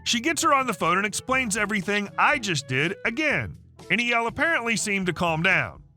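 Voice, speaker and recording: A man narrating an online story in the first person, in a brisk, chatty way. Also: high-pitched, big pitch swings, pushed and bright, faint music behind.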